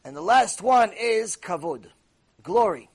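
A man giving a sermon lecture as a rabbi, animated and storytelling, with Hebrew terms mixed in. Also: sits high, measured pace, husky.

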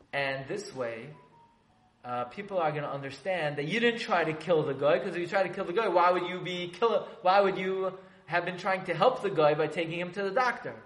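Animated man teaching in an echoey room. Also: high-pitched, fairly quick. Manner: animated, joking asides with the audience. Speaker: religious teacher. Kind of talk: storytelling class. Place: room with a live audience. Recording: echoey room, faint background noise.

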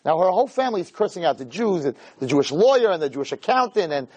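A man giving a weekly Torah talk as a lively, chatty storyteller who drops in Hebrew terms. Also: sits high, quick pace, low-quality recording. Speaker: Torah lecturer.

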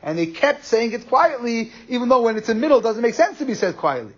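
A man teaching a Torah class, explaining quickly and animatedly, with Hebrew and Yiddish terms in his English. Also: very high voice, big pitch swings, slightly rough. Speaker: rabbi giving a class. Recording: muffled lo-fi recording.

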